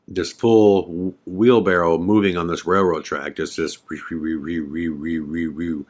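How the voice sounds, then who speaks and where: A man's voice: sits low, a bit bright. A man hosting a podcast, telling a story in a casual, rambling way with many fillers. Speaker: podcast host.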